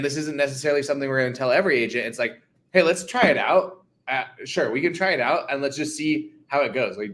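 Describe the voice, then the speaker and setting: A man's voice: medium pitch, fairly bright tone. A man co-hosting a live lesson, talking loosely with lots of "like" and "right?". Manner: loose and conversational, full of "like" and "right?". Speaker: co-host. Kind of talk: casual live-stream teaching.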